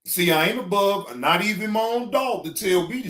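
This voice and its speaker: A man in his fifties speaking AAVE, ranting loudly on a livestream and then chatting and laughing, heard in an echoey room. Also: high-pitched, animated, moderate pace, few pauses. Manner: loud preachy ranting, then laughing and joking. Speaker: reaction streamer. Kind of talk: livestream rant and casual chat.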